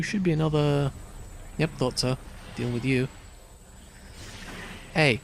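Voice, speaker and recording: A man's voice: on the high side, takes it slowly, vocal fry, slight background noise. A young man casually commenting on a video game as he plays, chatty and rambling, with lots of fillers and asides. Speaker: let's play host.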